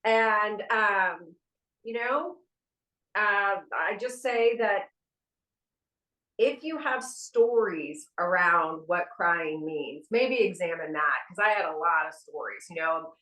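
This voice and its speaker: A woman's voice: fairly low pitch, lively intonation, slow pace, sharp tone. A middle-aged woman co-hosting a casual spiritual podcast chat, candid and frank, swearing freely. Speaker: podcast co-host. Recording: echoey room.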